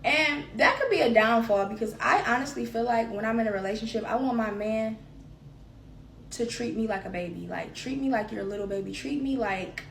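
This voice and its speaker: Gravelly-voiced woman hosting a solo podcast. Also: fairly high pitch, moderate pace, far from the mic, slight background noise. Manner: candid and rambling, repeats phrases for emphasis. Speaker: podcast host. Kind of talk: solo confessional podcast talk. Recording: roomy echo.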